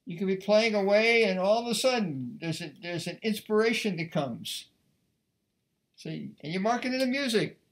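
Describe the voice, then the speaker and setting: A man's voice: sits high, animated, normal speed. A man giving a violin lesson, talking casually and thinking aloud between passages. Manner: conversational, thinking aloud as he plays. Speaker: violin teacher. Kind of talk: music lesson. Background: faint violin playing.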